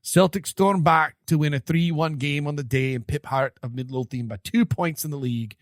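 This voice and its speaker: A hearty Scottish man hails the faithful with mock-rousing cheer, as a man puts on the accent. The voice sits a little high, and the sound is close and dry with no room around it. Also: moderate pace, no echo, natural voice. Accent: put-on Scottish.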